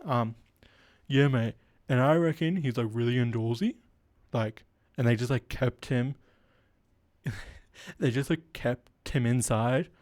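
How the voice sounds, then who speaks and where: A man's voice: mid-range voice, slow, pauses often, a little mellow, no echo, studio quality. A man hosting a solo comedy podcast, rambling and self-deprecating with lots of fillers and a stuffy nose. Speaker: podcast host.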